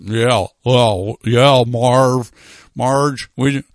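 A man's voice: medium pitch, extremely slow, no room sound, clean studio sound. A man voicing a gullible, folksy middle-aged neighbor who rambles with a loose drawl. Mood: mocking.

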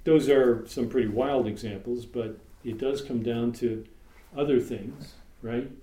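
A man's voice: medium pitch, unhurried, warm tone. A man giving an informal sermon to his congregation, conversational with joking asides and many fillers. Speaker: congregation teacher. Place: meeting room with congregation. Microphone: room mic for live stream. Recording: echoey room, faint background hum.

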